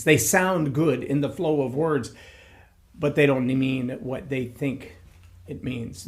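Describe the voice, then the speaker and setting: Measured man giving a reflective talk. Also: on the high side. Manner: reflective, measured, with repeated phrases for emphasis. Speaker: speaking coach. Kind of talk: solo talk to camera.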